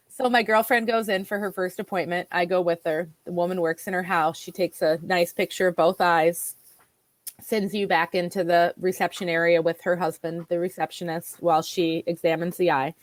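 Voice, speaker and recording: A woman guest telling her own health story in a chatty, animated way, often restarting her sentences. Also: on the low side, normal speed, no room sound. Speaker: guest, nutritional therapy practitioner. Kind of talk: conversational personal storytelling.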